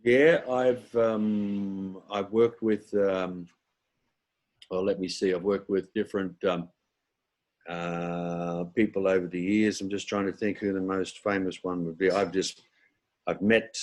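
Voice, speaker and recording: A man's voice: low-pitched, level tone, takes it slowly, darkish tone. A man guesting on an interview show as a comedian and impressionist, chatting casually and thinking aloud. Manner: easygoing, thinks aloud with fillers.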